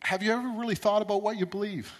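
Guy with a high voice preaching, earnest, repeats himself, gets louder as he builds. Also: steady tone, quick pace. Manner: earnest, repeats words, builds to emphatic peaks. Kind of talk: sermon.

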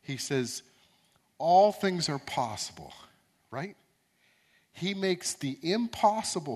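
A man with a notably high voice delivers a sermon. He is earnest and stumbles into repeated words, then builds toward emphatic, rising peaks. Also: animated, slow. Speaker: preacher.

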